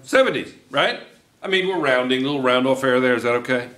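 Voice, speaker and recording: A man's voice: mid-range voice, fast talker, pushed and bright. A man teaching a chemistry review class, coaxing students with question after question. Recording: echoey classroom.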